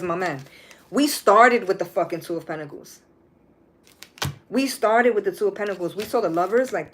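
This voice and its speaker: A woman's voice: low-pitched, slight background noise. Blunt, profane woman reading tarot. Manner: blunt, profane, animated, repeats phrases. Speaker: tarot reader. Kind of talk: casual live tarot reading.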